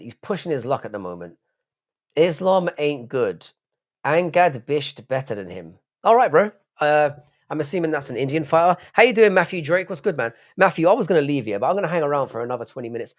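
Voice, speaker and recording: A man from the United Kingdom hosting a late-night live stream, rambling casually, swearing often and answering chat messages aloud. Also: medium pitch.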